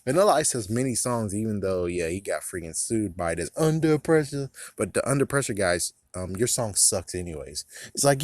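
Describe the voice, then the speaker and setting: Rambling low-voiced man ranting about movies. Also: lively intonation, normal speed, no echo, studio quality. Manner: rambling, swears and laughs at his own jokes. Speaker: vlogger. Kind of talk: casual movie commentary rant.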